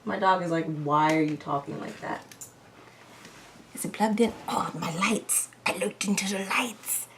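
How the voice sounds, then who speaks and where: A woman's voice: mid-range voice, unhurried, a little hiss or hum. A woman vlogger talking casually to herself at home, pleading with her gear and muttering half-whispered asides. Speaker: TV reaction vlogger. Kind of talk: casual chat to herself while setting up. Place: home room by her chair, dog nearby.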